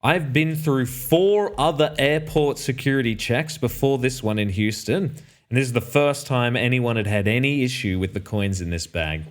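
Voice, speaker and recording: An Australian man recounting a travel mishap in an offhand, casual way. His voice sits at an ordinary middle pitch, and he keeps circling back to fix details and slip in deadpan remarks. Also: moderate pace. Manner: rambling, self-correcting, dry asides. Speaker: streamer telling a personal story. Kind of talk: casual anecdote.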